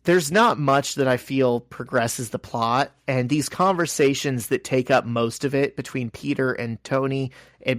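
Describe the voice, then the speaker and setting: Recapping a comic on the podcast he co-hosts, a man acts out the characters' lines in a lively, casual retelling. His voice is medium-pitched, and the studio sound is clean with no echo.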